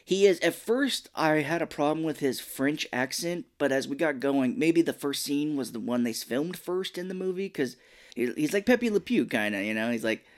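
A man co-hosting a podcast, chatting casually about a film, rambling and animated. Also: fairly high pitch, normal speed. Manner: rambling, animated, does mock voices of film characters. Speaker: podcast co-host. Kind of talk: casual movie review chat.

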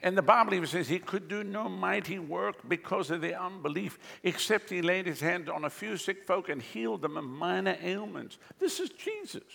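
A man preaching a sermon as pastor, animated, with sweeping pitch jumps and chuckling asides. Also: moderate pace, gravelly, hardly any pauses, long reverb tail.

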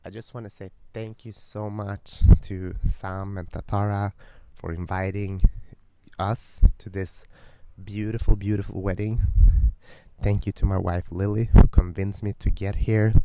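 A man's voice: lowish voice, little pitch movement, a little slow, dark tone, no room sound. Earnest man hosting outdoors by a lake. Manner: earnest and heartfelt, breaks off to remark on his surroundings. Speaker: podcast host. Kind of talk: casual spoken monologue. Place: outdoors beside a lake in a small village.

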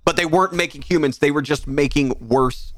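A man co-hosting a casual podcast, talking in animated banter, swearing freely and dropping into quick mock voices. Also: a little high. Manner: animated, swears often, mimics voices for jokes. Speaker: podcast co-host.

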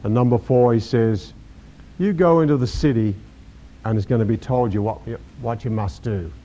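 In a dull, lo-fi recording, an older man preaches forcefully, acting out quoted scripture and repeating important words. His voice is mellow and mid-range, at a normal speed.

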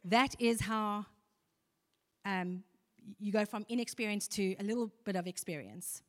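A woman's voice: mid-range voice, a little slow. A woman preaching a sermon, earnest and conversational, asking the congregation questions. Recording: long hall reverb.

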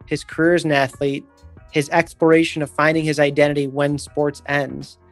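A man hosting a podcast, reading an introduction and then warmly welcoming his guest in a conversational way. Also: fairly high pitch. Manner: friendly, conversational. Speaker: podcast host. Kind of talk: scripted intro then casual interview.

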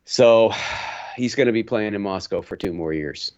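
A man's voice: lowish voice, normal speed, highs cut off. A man co-hosting a hockey podcast, chatting casually and rambling through stories with lots of restarts. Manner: rambling, animated, many restarts. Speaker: podcast co-host. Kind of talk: casual chat.

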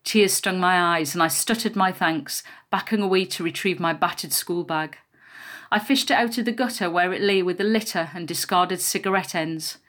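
A woman narrating a first-person memoir in a quiet, measured storytelling voice. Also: lowish voice.

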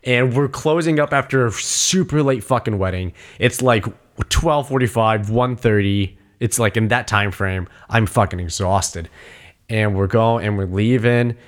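A young man from New England telling a story in animated, casual chat with frequent swearing. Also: on the low side, unhurried.

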